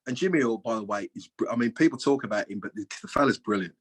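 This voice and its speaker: A man in his sixties, a former footballer and guest, telling chatty stories in a lively, colloquial way. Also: medium pitch, fast talker, husky. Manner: lively, acts out other people's lines with big jumps in voice. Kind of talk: anecdotal storytelling.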